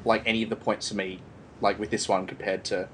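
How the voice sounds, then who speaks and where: A man's voice: lowish voice, little pitch movement, fast talker, fairly bright tone, slight background noise. A man hosting a casual film review podcast, rambling with lots of fillers and restarts. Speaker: podcast host.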